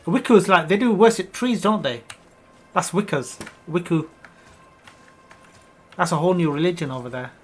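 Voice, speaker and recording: A man's voice: high-pitched, moderate pace, long pauses, slightly rough. A man hosting a let's play, riffing jokingly in casual gameplay commentary from a home gaming setup. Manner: joking, rambling riffs on a word.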